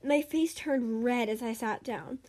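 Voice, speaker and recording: A woman's voice: a little high, a little slow, a little mellow. A young woman reading her own stories aloud in a chatty way, breaking off for giggly asides. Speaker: storyteller.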